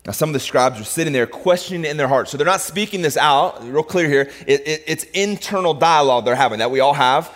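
A male pastor preaching a sermon in a relaxed, conversational way, often repeating words as he thinks aloud. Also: on the high side, brisk, hardly any pauses. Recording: long reverb of a large hall.

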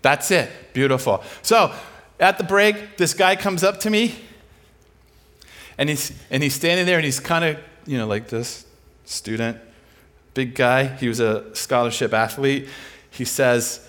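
A man's voice: mid-range voice, unhurried, a bit bright. A man preaching a sermon, telling a story with energy and acting out the people in it. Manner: acts out the people in his stories.

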